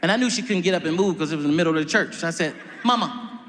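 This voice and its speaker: Male stand-up comic, high and wildly swooping voice, loud crowd and noise in an echoey room. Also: racing. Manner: animated, lively retorts. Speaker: stand-up comedian. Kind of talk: stand-up storytelling.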